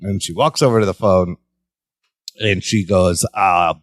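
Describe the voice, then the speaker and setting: A man's voice: low-pitched, measured pace, no room sound, studio quality. A man co-hosting a podcast, casually retelling scenes and slipping into the characters' lines. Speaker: podcast co-host. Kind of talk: casual chat recapping a sitcom episode.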